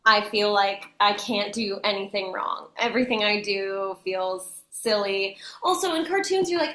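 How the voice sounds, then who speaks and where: A woman voice actor chatting as a guest in an interview, bubbly and quick to laugh. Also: mid-range voice, bright, forceful tone, reverberant. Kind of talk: casual interview chat.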